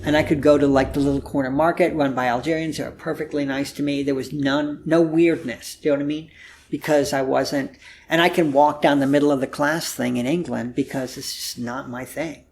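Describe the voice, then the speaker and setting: An American man in his sixties with a wry, drawn-out storytelling manner, chatting casually as an interview guest in an apartment. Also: fairly high pitch, fairly even intonation, darkish tone, a little hiss or hum. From United States. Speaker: guest, humor writer. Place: apartment room.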